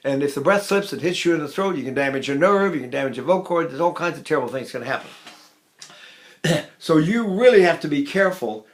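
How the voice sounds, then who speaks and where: An older man teaching singing technique, talking in an animated way with chuckling asides. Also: fairly high pitch, fast. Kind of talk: singing lesson lecture.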